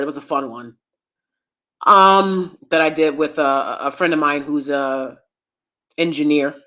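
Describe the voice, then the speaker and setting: Loud animated woman livestreamer. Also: sits low. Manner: loud, animated, talks straight to viewers. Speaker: YouTube commentary host. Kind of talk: casual livestream commentary.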